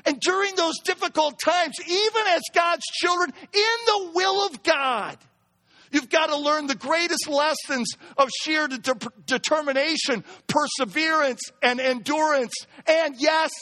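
A pastor preaching a sermon, building to emphatic near-shouts as he drives his points home. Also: steady tone, moderate pace, hardly any pauses. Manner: reads a poem in a hushed lower voice.

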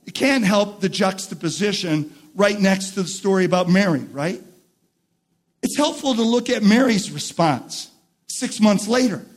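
High-voiced male preacher giving a sermon. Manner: builds from quiet, reflective talk to repeated shouted emphasis. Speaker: pastor.

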